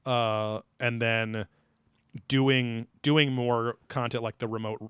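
A man co-hosts a loose podcast, rambling and joking as he goes. His voice sits at an ordinary pitch. It is close and dry, with no room sound. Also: fairly even intonation, slow, fairly bright tone, clear, resonant tone, no echo. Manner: rambling, joking, many fillers and restarts. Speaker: podcast co-host. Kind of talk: casual podcast chat.

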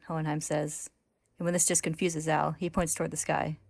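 A woman narrating a story recap in a steady, plain retelling voice. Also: sits low, a little fast, vocal fry, slightly rough, no room sound.

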